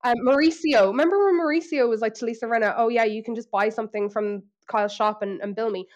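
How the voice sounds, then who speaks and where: Irish woman podcast co-host, casual, animated, fairly high voice, does quick impressions. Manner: chatty, animated storytelling with exaggerated impressions. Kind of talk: casual chat.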